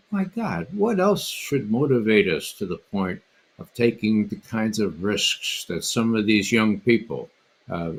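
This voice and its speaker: An older man speaking as a guest panelist on a livestream, telling a story in an emphatic way and repeating his words. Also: lowish voice.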